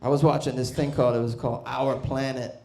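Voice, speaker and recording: A man doing a stand-up comedy set, brash and profane, bursting into loud shouts. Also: mid-range voice, level tone, fast talker, vocal fry, a little hiss or hum. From Boston. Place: comedy club stage.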